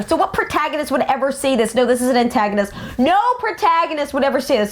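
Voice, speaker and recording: An excitable young woman hosts a casual fan show about song lyrics, her voice sitting a little high. She talks with animated fangirl enthusiasm and breaks into theories as she goes. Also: quick pace, few pauses. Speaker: host.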